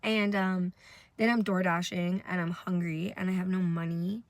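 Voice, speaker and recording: A woman's voice: lowish voice, flat delivery, moderate pace, dry recording. A young woman, tired from little sleep, telling a rambling, profane story to camera in a casual vlog. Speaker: vlogger.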